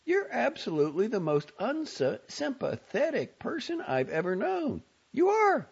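A man's voice: very high voice, wildly swooping pitch, unhurried, creaky, breathy edge, pitched above the performer's own voice, exaggerated voice. A man voicing a nervous, exasperated young woman in an audiobook reading, talking sharply and pleadingly. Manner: sharp, pleading, raised in heat. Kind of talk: audiobook character voice. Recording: dull lo-fi audio.

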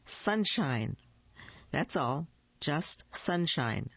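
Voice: medium pitch, very animated, drawn-out words, a bit bright, husky, dry recording, lo-fi sound, exaggerated voice. A reader voicing a worried mother who coaxes carefully, while reading a picture book aloud. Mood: coaxing. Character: worried mother, adult woman.

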